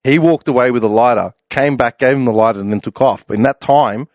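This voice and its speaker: A young Australian man on a podcast panel tells a rowdy travel story in easygoing chat, speaking a little fast in a mid-range voice. He laughs often and gets loud and animated when acting out quoted lines. The recording is dry and close, with no echo or room sound.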